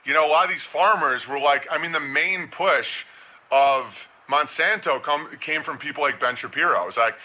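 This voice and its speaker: A man's voice: a little high, normal speed, bright, forceful tone, rough recording. A man giving a casual, rambling commentary monologue, slipping into mocking impressions.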